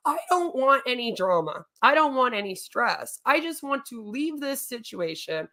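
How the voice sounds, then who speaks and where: A woman's voice: on the high side, big pitch swings, moderate pace, bright, forceful tone. A woman streamer ranting in a long, rambling monologue, exasperated and swearing often.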